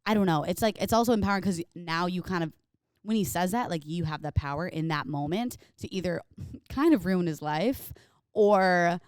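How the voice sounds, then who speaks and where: A young woman hosts a podcast in easy, rambling chat, earnest and supportive. Her voice is somewhat low and smooth, and the recording is dry and close. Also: normal speed, darkish tone, dry recording. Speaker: podcast host. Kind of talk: casual chat.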